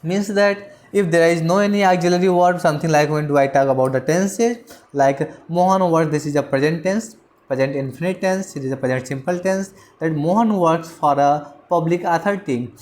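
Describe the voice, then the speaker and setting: A grammar teacher giving a lecture, halting with many fillers and restarts, and repeating example sentences slowly word by word. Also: medium pitch, a little mellow.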